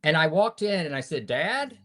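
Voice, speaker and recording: A man in his fifties, guesting on a podcast, tells a personal story earnestly in a preacher-like manner, swinging between loud and hushed. His voice is mid-range and his pace normal.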